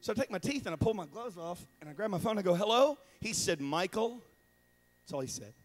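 High-pitched, animated male preacher. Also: rapid-fire. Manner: animated, acts out voices with loud shouted bursts and laughter. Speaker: traveling evangelist. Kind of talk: comedic sermon storytelling. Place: church.

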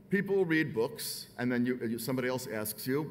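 A man's voice: a little high, very animated, fairly quick, hardly any pauses, a little mellow, slight background noise. A middle-aged American man, an author, giving an emphatic speech to a dinner audience, building his points through rhetorical repetition. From United States.

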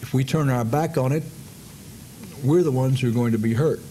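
Male lecturer, warm and unhurried, explaining policy at a podium; faint room noise. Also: mid-range voice, low-quality recording. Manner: measured, explanatory, with frequent uh fillers. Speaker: foreign policy speaker. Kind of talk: public lecture.

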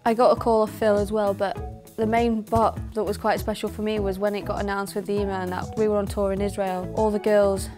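A young Englishwoman with an English accent chats in a laid-back, giggly way about her teammates, her voice sitting at an ordinary middle pitch. A clear music bed runs underneath her the whole time. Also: little pitch movement, a little fast, few pauses. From England. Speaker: footballer. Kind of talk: casual chat.

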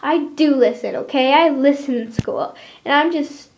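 A teenage girl with a high, light voice vents in a rambling, exasperated rant, filling her sentences with likes. It is recorded on a camera's built-in mic, and faint clicks sit behind her. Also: normal speed, creaky, noisy background. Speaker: vlogger. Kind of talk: casual ranting vlog.

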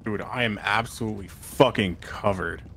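A man's voice: lowish voice, normal speed, sharp tone. Tired man bantering crudely. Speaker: co-player. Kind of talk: casual gaming chat.

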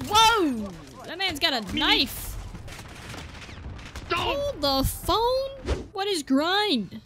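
A woman giving excitable live commentary while playing a shooter game, often apologizing and joking about herself, with game music and gunfire behind her. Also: very high-pitched, drawn-out words, a little hiss or hum. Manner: excitable, exclaiming and apologizing a lot; self-deprecating joking. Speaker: gaming video creator. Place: at home, seated at a gaming desk.

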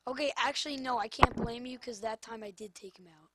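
A woman's voice: on the high side, fairly quick, noisy background. A woman commentating her own football video game, exasperated and scolding the players on screen. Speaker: gamer. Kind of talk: gameplay commentary.

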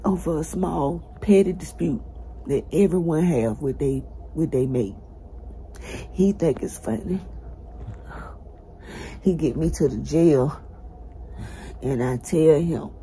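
A woman recounts her time in jail in emotional first-person testimony to viewers, urgent and pleading, breathless and cried out, close to tears as her voice breaks. Her voice is low-pitched, dark and animated yet slow, with long pauses; the audio is poor with slight background noise.

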